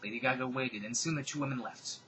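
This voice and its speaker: Reading fan fiction in an exaggerated, comic-dramatic way, this fast-talking man interrupts himself with dry, sarcastic comments. His mid-range voice comes through bright and crisp against faint room noise, though the overall audio quality is poor.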